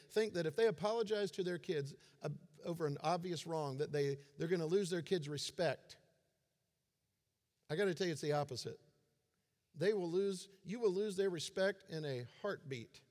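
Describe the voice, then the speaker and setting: Male pastor, forties, higher voice, conversational sermon, long echo of a big hall. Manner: conversational preaching with self-deprecating humor.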